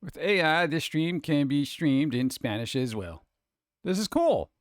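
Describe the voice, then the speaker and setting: A man's voice: a little high, sing-song, measured pace, no echo, clean studio sound. A man streaming live, chatting casually with his chat and ranting with rhetorical questions.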